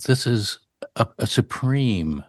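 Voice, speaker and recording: A man's voice: mid-range voice, animated, slow, dry recording, clean studio sound. A male radio host wrapping up an interview and enthusiastically promoting a show. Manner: enthusiastic, emphatic announcer.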